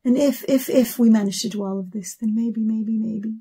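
Earnest Israeli woman, warm and husky. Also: a little high, fairly even intonation, moderate pace. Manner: earnest, emotional, repeats words for emphasis. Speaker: singer speaking to fans. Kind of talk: heartfelt personal address to camera.

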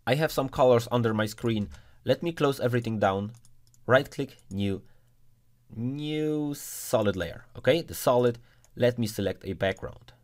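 A man records a software tutorial, calmly leading the viewer through one setting after another. His voice sits at an ordinary middle pitch. He keeps a methodical, step-by-step pace and drops in a short punchy exclamation as results appear. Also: measured pace. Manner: methodical step-by-step instructions with an occasional punchy "boom".

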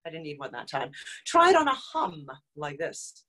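A woman's voice: deep voice, sing-song, normal speed, very noisy. A woman voice teacher leading an online group vocal exercise lesson, explaining and demonstrating exercises, her voice a little dry. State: slightly dry voice.

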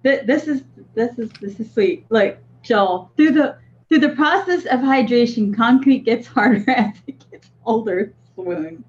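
A woman's voice: fairly high pitch, animated, measured pace, darkish tone. A woman co-hosting a livestream in casual chat, laughing often and reading comments aloud. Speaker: co-host of a vaping livestream. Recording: dull lo-fi stream audio.

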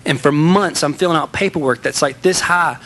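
A man's voice: a little high, a little fast, a bit bright. A man giving a candid, self-mocking storytelling speech to an audience. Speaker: speaker.

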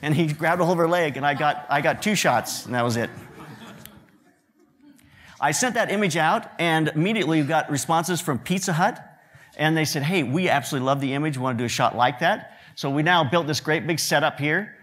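Addressing a class of students, a photographer and director brought in as guest lecturer jokes through stories from his photography career, performing the quotes of people involved. He sounds on the high side, brisk and fairly bright.

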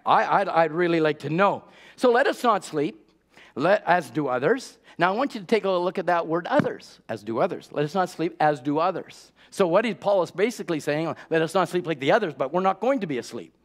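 High-voiced preacher man, urgent and exhorting. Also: animated, a little fast. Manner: urgent, repeats key words for emphasis; rhetorical questions, exhorting the congregation as saints. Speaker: pastor. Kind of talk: sermon.

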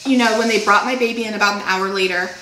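A woman's voice: mid-range voice, steady tone, fast, bright, forceful tone, echoey room, a little hiss or hum, rough recording. A young woman sharing a personal story in casual chat, emotional and fighting back tears, with a frog in her throat. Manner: emotional, trying not to cry. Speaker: podcast co-host.

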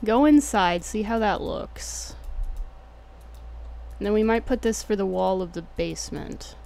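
Her voice here is medium-pitched, gravelly, and darkish, and she doesn't hurry. The young Texan-accented streamer keeps her game commentary casual and jokey, full of slang and easy swearing.

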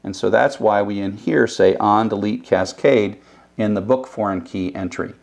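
A man's voice: fairly low pitch, normal speed, gravelly, a little mellow. An older man teaching web programming in a recorded lecture. He explains casually and thinks aloud, with restarts. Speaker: programming instructor.

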